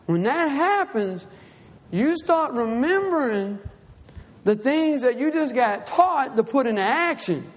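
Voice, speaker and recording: A man preaching, reading scripture aloud and then telling a personal story in an animated way, acting out his own cries. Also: very high-pitched, measured pace, big-room sound. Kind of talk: Bible reading and personal testimony sermon.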